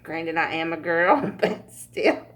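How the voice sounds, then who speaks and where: A woman's voice: low-pitched, takes it slowly. A woman giving a casual pick-a-card tarot reading, chatty and laughing often, with frequent swearing. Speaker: tarot reader.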